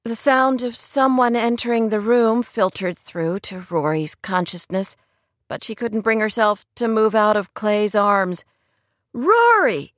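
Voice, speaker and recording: An audiobook narrator, a woman, reads a novel aloud in scripted narration with a gentle, measured delivery at middle pitch. The recording is dry and close, with no room sound.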